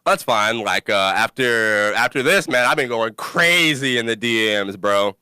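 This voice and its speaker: A young man hosting a casual podcast, telling stories in an animated way, laughing often and cursing freely. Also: medium pitch, unhurried, smooth, dry recording, studio quality. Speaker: podcast host.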